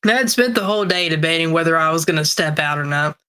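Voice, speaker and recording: A man's voice: on the high side, quick pace, bright, forceful tone, clear, resonant tone. A man co-hosting a podcast while sick, rambling casually with restarts and swearing. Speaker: podcast co-host. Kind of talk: casual chat.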